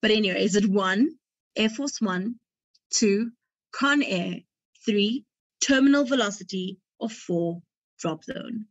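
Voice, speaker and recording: Slow, chatty woman quiz host. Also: medium pitch, no room sound. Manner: chatty, laughs at her own jokes. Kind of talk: reading quiz questions and options. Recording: dull dry lo-fi recording.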